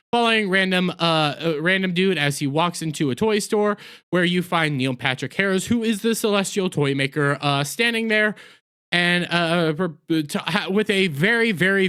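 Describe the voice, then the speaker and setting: A man's voice: a little high, pushed and bright, smooth. A man giving a blunt, sarcastic, rambling rant as a video reviewer, full of crude words and restarts. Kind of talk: ranting TV review.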